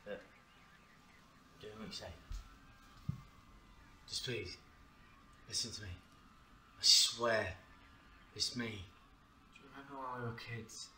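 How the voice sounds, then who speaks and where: A man's voice: mid-range voice, takes it slowly, pauses often, pushed and bright, slight background noise. A man playing a young man who earnestly pleads with his frightened brother, speaking tenderly, in a student short film drama. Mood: pleading. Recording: echoey room from a distance, music under.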